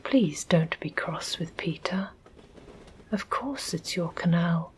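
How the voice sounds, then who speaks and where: A woman's voice: fairly low pitch, animated, slow pace, a little hiss or hum. A woman with an English accent voicing an earnest, polite young girl in whispered role-play, speaking apologetically.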